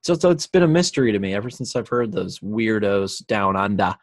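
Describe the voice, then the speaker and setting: A young man co-hosting a podcast, talking sports in an easygoing, self-deprecating and animated way. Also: lowish voice, brisk, no echo, clean studio sound. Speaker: podcast co-host. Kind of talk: casual sports chat.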